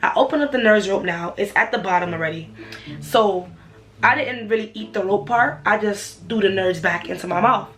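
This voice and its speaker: A woman's voice: medium pitch, normal speed, fairly bright tone. Slangy New woman telling a story. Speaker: vlogger. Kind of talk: storytime vlog.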